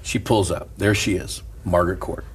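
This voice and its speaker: A middle-aged man, a pastor, telling a story in animated casual chat and laughing often. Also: low voice, normal speed, a little hiss or hum.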